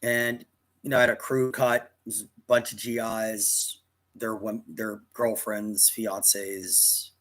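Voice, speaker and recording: A man's voice: on the low side, little pitch movement, takes it slowly, fairly bright tone. A man in his fifties casually telling a personal story to camera, rambling and often restarting his sentences. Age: 50s. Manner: rambling, with frequent restarts and self-corrections.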